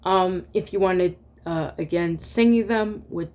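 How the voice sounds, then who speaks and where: A woman's voice: lowish voice, measured pace. A woman teaching a casual online music lesson, singing solfege syllables and chatting with fillers and laughs.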